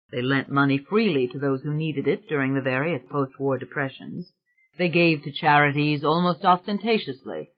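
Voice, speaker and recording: A man reading an audiobook in a measured, formal narration. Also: on the high side. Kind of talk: scripted narration. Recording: tinny, phone-like sound.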